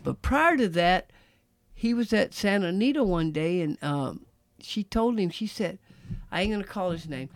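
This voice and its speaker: Brief: middle-aged Texas-raised ex-jockey, gravelly, relaxed storyteller, dry close mic. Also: male voice, high voice, no echo. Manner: relaxed, drawn-out storytelling with asides. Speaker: former jockey, interview guest. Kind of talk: casual storytelling.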